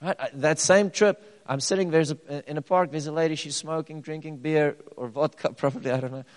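A man preaching a sermon, swinging between loud declarations and quiet personal stories. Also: on the high side, steady tone, brisk. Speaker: pastor. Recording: long hall reverb.

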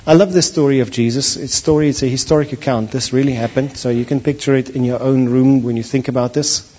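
A man preaching a sermon, animated, acting out the voices of the people in his stories. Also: medium pitch, quick pace. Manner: animated, acts out voices of biblical figures. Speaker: pastor. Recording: dull lo-fi recording.

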